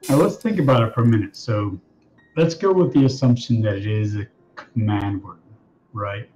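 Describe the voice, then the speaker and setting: A man playing a tabletop game, thinking out loud and planning tactics in casual chat. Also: on the low side, normal speed, lo-fi sound, soft background music. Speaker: player.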